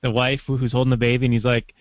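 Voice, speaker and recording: A man hosting a casual podcast chat, brisk, asking questions and steering the talk. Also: mid-range voice, flat delivery, no echo. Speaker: podcast host. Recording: dry, dull lo-fi podcast audio.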